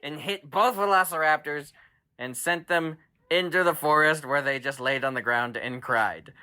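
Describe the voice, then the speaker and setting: A man telling an improvised bedtime story to a child, animated, with sound effects and dramatic pauses. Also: a little high, clean tone. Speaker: storyteller dad.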